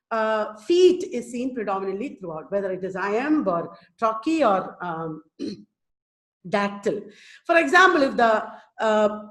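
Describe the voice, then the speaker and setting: A woman giving an online lecture, explaining slowly and often asking whether the students understood. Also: fairly high pitch, echoey room. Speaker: teacher. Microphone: computer mic in a webinar.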